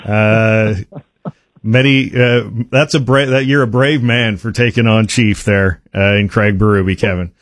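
A man's voice: fairly low pitch, fairly even intonation, measured pace, no echo, clean studio sound. A man hosting a sports radio show, asking questions with hesitant fillers. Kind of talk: radio interview.

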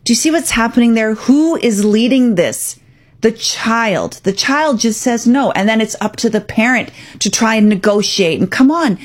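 A woman's voice: a little high, animated, moderate pace. A woman hosting a radio talk show, giving parenting advice in a firm, direct, coaching way.

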